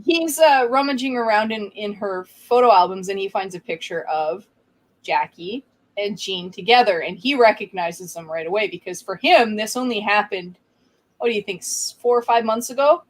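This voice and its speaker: A woman chats casually on a podcast, walking through a movie scene by scene. Her voice sits at an ordinary middle pitch. She keeps it loose and conversational, dropping into the characters' lines as she goes. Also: lively intonation, moderate pace, low-quality recording. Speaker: podcast co-host. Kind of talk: casual movie recap chat.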